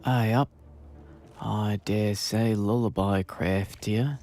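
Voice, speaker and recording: A man casting a game in a soft, hushed commentary voice. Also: lowish voice, fairly even intonation, slow, a little hiss or hum. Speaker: game caster. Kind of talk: quiet esports commentary.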